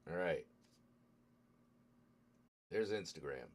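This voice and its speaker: A male streamer talking casually to his viewers, grumbling and cursing as his phone apps misbehave. His voice swings widely in pitch, dropping to low mutters and jumping up in sudden outbursts. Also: lively intonation, a little slow, pauses often. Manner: frustrated muttering, swearing at tech. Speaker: streamer host. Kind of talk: casual live-stream chat.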